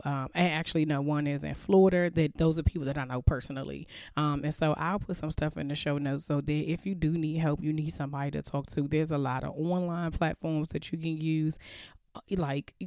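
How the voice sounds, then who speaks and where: A woman in her thirties hosting a podcast, chatting earnestly to listeners in a quiet, slightly crackly voice, recorded in a bedroom at home. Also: low voice, clean tone, no echo, clean studio sound. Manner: open, earnest, filler-heavy, talks quietly to avoid waking others. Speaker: podcast host. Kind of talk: casual chat to listeners.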